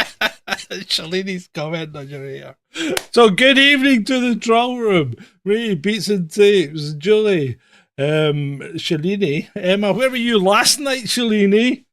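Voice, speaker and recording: A man hosts a comedic livestream from his webcam, ribbing his co-host and greeting the chat. His voice sits fairly high for a man, and his delivery is playful, broken up by laughter. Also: expressive, slow pace, fairly bright tone. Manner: teasing, laughs often.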